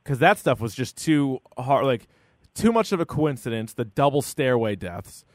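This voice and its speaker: Animated man chatting on a podcast. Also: normal speed, no room sound, studio quality. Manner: animated, acts out quotes in a high voice. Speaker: podcast co-host. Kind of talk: casual chat.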